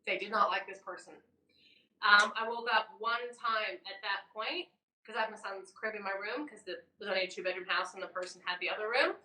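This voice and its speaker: A woman co-hosting a podcast tells an eerie story in a bright, forceful voice. She shifts between loud bursts and hushed asides. She sounds a little distant from the mic in a roomy space. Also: medium pitch, a little fast. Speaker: podcast co-host. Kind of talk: casual chat, telling a ghost story.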